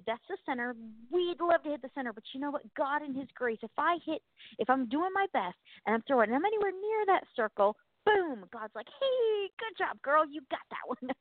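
Woman podcast co-host, high voice, chatty and self-mocking, dry tinny phone-like sound. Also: no echo. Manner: chatty, animated, self-deprecating with laughs. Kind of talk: casual faith chat.

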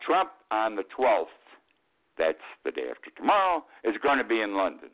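An older man hosting a talk radio show, delivering an indignant, rambling political monologue and pausing to read quotes from his notes. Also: fairly low pitch, huge pitch swings. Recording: tinny phone-like line.

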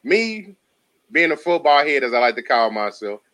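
A man's voice: mid-range voice, sing-song, moderate pace, bright, forceful tone. A man co-hosting a casual sports talk show, slangy and laughing often. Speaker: podcast co-host.

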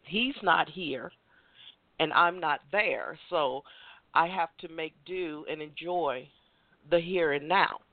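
A woman's voice: low-pitched, slow, no room sound. Motivational woman host on a dry phone line. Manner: encouraging, motivational, stumbles and repeats words. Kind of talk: casual chat.

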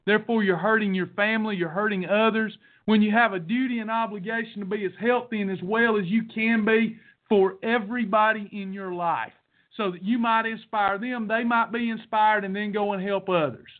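Pressing his audience hard, a high-pitched male podcast host preaches a motivational monologue in a blunt, folksy style, repeating each point twice in sermon rhythm. His tone is steady and his speed normal, though the sound is thin and tinny, as if on a phone.

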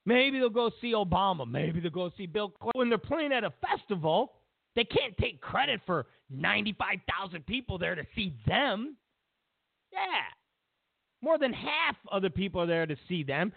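A man's voice: high voice, very animated, normal speed, vocal fry, dry recording. Sarcastic ranting man on a tinny line. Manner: sarcastic, mocking, repetitive jabs. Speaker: political commentary host. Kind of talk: ranting political commentary. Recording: tinny phone-like line, dry.

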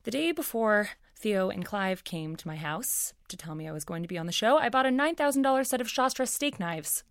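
A woman's voice: medium pitch, lively intonation, brisk, dry recording, studio quality, lightly acted. An actress playing a wealthy, self-aware woman writer in an audio drama, earnest and self-deprecating.

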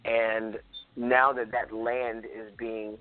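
A man's voice: on the low side, little pitch movement, slow, a loud crowd. Phone-quality voice of a thoughtful man. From South Carolina. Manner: thoughtful, frequent ums, storytelling. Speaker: guest, cultural preservationist. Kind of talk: conversational interview. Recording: phone-like lo-fi audio.

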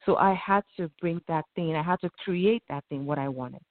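Gravelly-voiced woman on a tinny line. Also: low-pitched, moderate pace, no echo. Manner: reflective, quotes her own inner talk. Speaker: guest. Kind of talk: conversational interview.

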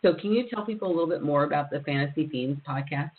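Chatty host with a slightly high voice on a phone line. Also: male voice, fast. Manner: chatty, with steady affirming murmurs. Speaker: podcast host. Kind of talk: casual interview chat. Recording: tinny phone-line sound.

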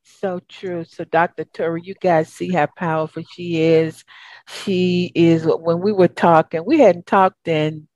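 A woman's voice: fairly low pitch, fairly even intonation, measured pace, a little mellow, no echo. A woman with a Southern US accent hosting a talk show, effusive and encouraging, with a spiritual bent. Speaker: host. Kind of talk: upbeat talk show chat.

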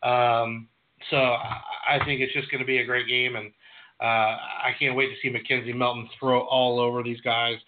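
A man's voice: mid-range voice, little pitch movement, normal speed. A man co-hosting a casual sports chat, easygoing and full of uh fillers. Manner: easygoing, filler-heavy with frequent uh. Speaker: sports podcast co-host. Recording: tinny phone-like line.

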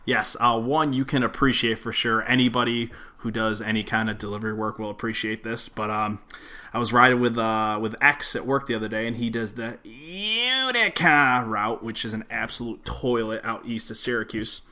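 A man co-hosting a casual podcast, telling dry, deadpan work stories and ranting about small talk. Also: medium pitch, normal speed. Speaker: podcast co-host. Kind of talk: casual storytelling.

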